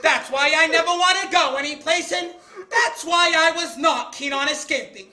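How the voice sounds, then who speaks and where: A woman playing a loud, bickering older American caterer on stage, who shouts often. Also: high voice, moderate pace. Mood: bossy reassuring. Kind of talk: stage play acting. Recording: echoey stage room.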